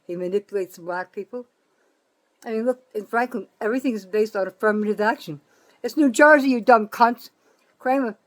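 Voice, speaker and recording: A woman in her seventies ranting angrily in a political monologue, profane and accusatory, repeating points for emphasis. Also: medium pitch. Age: 70s. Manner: emphatic, repeats herself for stress. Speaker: citizen vlogger.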